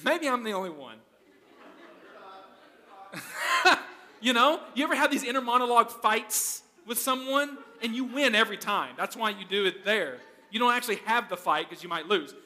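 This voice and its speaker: High, bright-voiced preacher man. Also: lively intonation, moderate pace, long reverb tail. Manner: conversational, asks the congregation questions. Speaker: pastor. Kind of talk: sermon.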